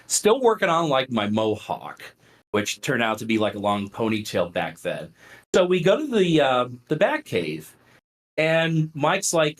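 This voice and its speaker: A middle-aged man tells stories as a podcast guest. His pitch swings widely as he talks. His delivery is loose and conversational, full of fillers. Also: a little slow. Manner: animated, filler-heavy, conversational. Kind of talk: casual storytelling.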